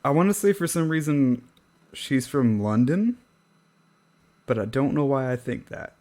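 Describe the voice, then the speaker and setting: A man co-hosting a casual podcast chat, speaking at an unhurried, drawn-out pace. He is wry and self-deprecating and tends to trail off with a laugh. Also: mid-range voice, animated, darkish tone. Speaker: podcast co-host.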